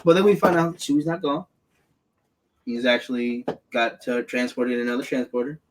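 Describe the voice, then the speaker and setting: A podcast host with a mid-range voice and a moderate pace chats casually about a movie. He is profane and animated, swearing a lot and acting out lines in silly voices.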